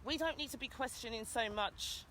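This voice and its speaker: A woman's voice: fairly high pitch, moderate pace, fairly bright tone, a little hiss or hum. A British woman giving an urgent, impassioned rant in an outdoor vlog, calling out to people passing by. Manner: urgent, exhorting, calls out to passers-by. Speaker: vlogger.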